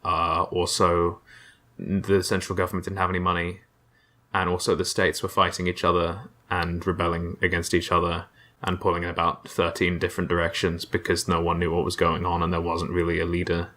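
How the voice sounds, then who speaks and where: A man's voice: sits low, monotone, brisk, pushed and bright. A young man, host of a casual comedic history video, rambling and sarcastic, full of fillers and restarts.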